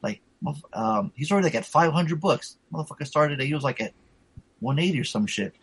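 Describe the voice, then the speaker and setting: A man's voice: fairly high pitch, lively intonation, brisk, husky, no room sound, rough recording. A man telling a rambling, profanity-laced story in casual chat, full of fillers.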